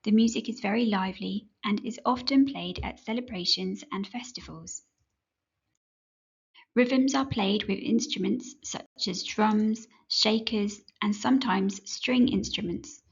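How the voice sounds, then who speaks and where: Husky gravelly lady reading a kids music lesson, slow and clear, kinda dull lo-fi sound. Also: medium pitch. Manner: clear, measured, instructive. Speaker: music teacher. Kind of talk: scripted educational narration.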